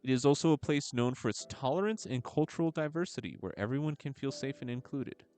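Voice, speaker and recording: A man's voice: medium pitch, animated, quick pace, a little mellow. Chatty joking male game streamer. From United States. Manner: chatty, joking, fumbles while reading aloud. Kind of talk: casual chat while gaming. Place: at home, gaming live. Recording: music playing faintly behind.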